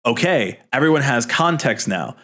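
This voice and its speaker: A man in his thirties hosts a casual reaction chat, ranting animatedly, swearing and laughing at what he watches. His voice sits at an ordinary middle pitch for a man. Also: expressive, normal speed, sharp tone. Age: 30s. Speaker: host.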